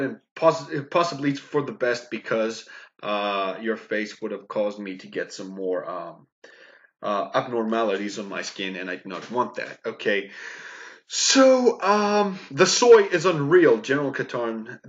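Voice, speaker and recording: A man's voice: mid-range voice, a little slow, fairly bright tone. A man from Greece, ranting in a mocking commentary full of fillers. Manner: emphatic, mocking, with many fillers and "okay?". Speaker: YouTube commentator. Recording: dull lo-fi mic.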